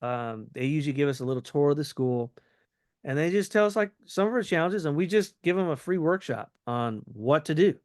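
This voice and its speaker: A man with a slightly high voice coaches someone through a sales pitch, playing both sides of the exchange to show the phrasing. He keeps it loose and conversational. The recording is dry and close. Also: animated, a little fast, dry recording.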